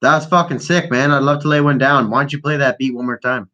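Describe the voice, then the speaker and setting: A man's voice: mid-range voice, fairly even intonation, fast talker, bright, forceful tone, dull audio. A man hosting a casual call-in chat, freestyle rapping and rambling with heavy profanity, stoned. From Canada. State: high on weed. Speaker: host.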